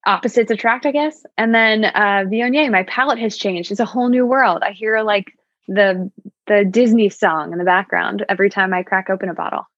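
A woman's voice: mid-range voice, moderate pace, fairly bright tone, dry recording. Woman, sommelier, casual podcast guest, chatty, wry, muffled lo-fi audio. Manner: chatty and upbeat, wry asides. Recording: dull, slightly lo-fi dry sound.

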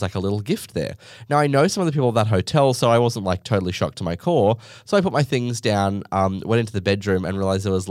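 A man telling a story in a casual storytime monologue, his pitch leaping all over the place as he mocks what happened. He is sarcastic and theatrical and swears without a second thought. The sound is close and dry, with no room around it. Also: dry recording. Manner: animated, sarcastic and dramatic, swears freely.

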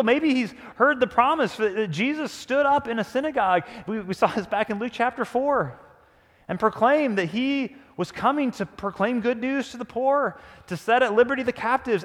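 Man preaching in an echoing hall. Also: very high-pitched. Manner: animated storytelling, often dropping to a hush. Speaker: pastor. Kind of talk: sermon.

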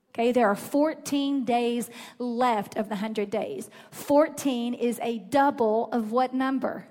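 A woman's voice: on the high side, a little mellow. A woman preacher praying and delivering a sermon to her church in a fervent, declarative cadence. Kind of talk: sermon with opening prayer. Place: church sanctuary. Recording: long reverb in a large hall with music.

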